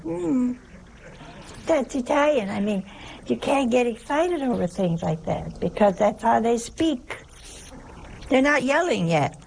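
Gravelly-voiced woman giving a folksy sermon. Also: fairly high pitch, lively intonation, slow pace, pauses often, a little mellow, slight background noise, low-quality recording. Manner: chatty, humorous, asks rhetorical questions.

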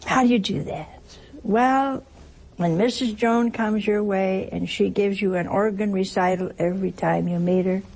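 A woman's voice: mid-range voice, steady tone, moderate pace, darkish tone. An older woman preaching a sermon in a homespun, teasing way, asking rhetorical questions and acting out little everyday scenes. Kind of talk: sermon on works of mercy.

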